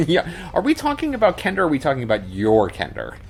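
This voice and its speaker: A man's voice: on the high side, huge pitch swings, fast talker, creaky. A man co-hosting a tabletop gaming podcast in casual, rambling chat with lots of fillers and restarts. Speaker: podcast co-host.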